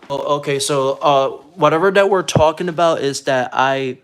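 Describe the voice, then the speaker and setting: A man from Puerto Rico talking casually on a live stream, rambling and halting, often repeating words as he restarts sentences. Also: a little high, smooth. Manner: defensive, earnest.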